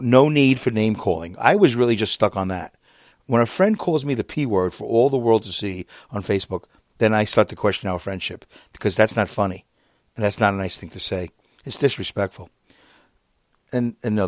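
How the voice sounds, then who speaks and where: Exasperated man in his fifties, dry sound. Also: dry recording. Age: 50s. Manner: animated, exasperated, with sudden jumps up in pitch; reads out messages. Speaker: podcaster. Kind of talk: casual monologue retelling an online argument.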